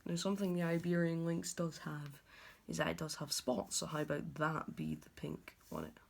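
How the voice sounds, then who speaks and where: Gravelly low-voiced woman thinking aloud. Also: lively intonation, normal speed. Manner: muses aloud, clicks voice while thinking. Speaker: video creator. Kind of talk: thinking aloud while drawing.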